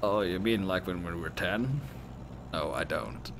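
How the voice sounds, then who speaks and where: A man voicing a bitter, stern young woman crocodile who speaks low, cold and clipped. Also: measured pace, vocal fry, background noise. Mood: flat, annoyed.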